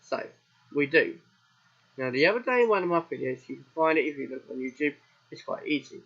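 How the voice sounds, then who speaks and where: A British man hosts a let's play of a farming game, his voice scratchy and husky from a sore throat. He rambles from one aside to the next, often asking a question and then answering it himself. The recording sounds dull and lo-fi. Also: high voice, fairly bright tone. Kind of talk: casual game commentary.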